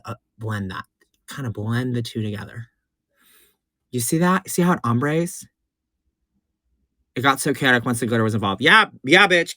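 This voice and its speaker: A man giving a live makeup tutorial in a sassy, excitable way, swooping between chirpy highs and low purring asides and repeating his instructions. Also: no room sound. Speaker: drag performer doing a makeup tutorial.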